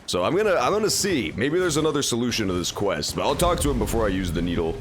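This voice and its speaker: A man's voice: medium pitch, very animated, fast, music in the background. A man streaming a game, giving casual, joking and profane commentary. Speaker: gameplay streamer. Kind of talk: casual live gameplay commentary.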